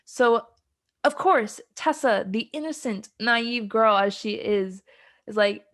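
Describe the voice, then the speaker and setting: Recapping a film plot on the podcast she co-hosts, this young adult woman rambles casually, saying um a lot and giggling often. She speaks at a measured pace in a sing-song, bit-bright voice on the high side.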